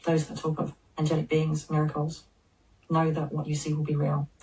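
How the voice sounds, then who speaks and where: A woman voicing a serene male spirit of Jesus speaking through a medium, in slow, solemn, measured pronouncements. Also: sits low, monotone, dark tone, far from the mic, pitched below the performer's own voice, lightly acted, poor audio.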